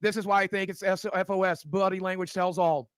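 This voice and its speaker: A man's voice: high voice, steady tone, a little fast, smooth, dry recording. A man co-hosting a live stream, reading viewer comments aloud in a blunt, dry way with swearing.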